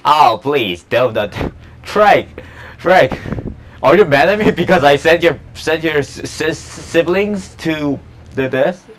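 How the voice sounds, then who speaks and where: A man giving casual let's play commentary on a park-building game, chatty and excitable, talking to the dinosaurs and laughing often. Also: fairly high pitch, slow pace, a little hiss or hum. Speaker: gameplay YouTuber.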